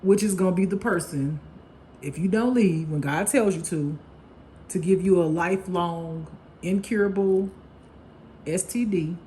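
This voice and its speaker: This casual spiritual tarot reading comes in a mid-range, warm and mellow voice, faint background hum included. Blunt and profane, the reader laughs a lot and drops in brief acted-out snippets of gossip.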